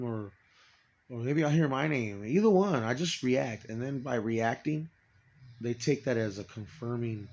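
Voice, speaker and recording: A man in a rambling personal monologue, swearing often, stopping and restarting, and trailing off quietly. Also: medium pitch. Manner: profane, halting, trails off quietly.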